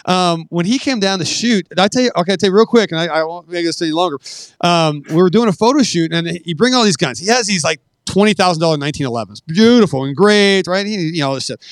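A middle-aged man tells stories as a podcast guest in a fairly high voice. He swears freely and acts out the dialogue with lively energy. The sound is dry and close. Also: quick pace, dry recording. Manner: profane, animated anecdote-telling that acts out quoted dialogue. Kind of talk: casual storytelling.

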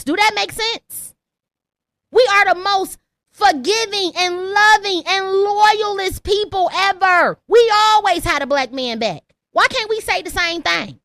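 A very high, lively woman's voice hosting a call-in podcast, emphatic and full of rhetorical questions. She speaks with a bright, sharp edge. The sound is close and dry. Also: no room sound. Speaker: podcast host. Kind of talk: heated call-in podcast commentary.

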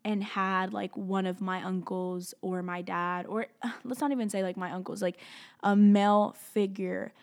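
A young woman telling a personal story, halting and candid, with many fillers and restarts as she talks openly about her feelings. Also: medium pitch, fairly even intonation. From outside the US.

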